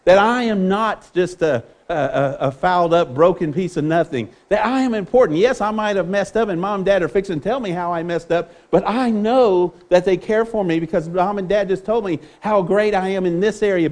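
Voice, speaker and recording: Earnest preacher, high voice. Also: male voice, a little mellow. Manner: earnest, with repeated words and restarts. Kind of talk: sermon.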